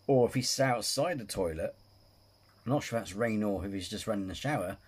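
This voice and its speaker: A man's voice: lowish voice, a little fast, slightly rough. A man hosting a reaction video, chatting casually with crude, self-mocking humour and frequent laughs.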